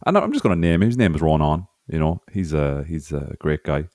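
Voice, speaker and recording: Low-voiced rambling man. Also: lively intonation, a little fast, darkish tone, dry recording, clean studio sound. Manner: rambling, self-mocking, laughs often. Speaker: podcast co-host. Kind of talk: casual chat.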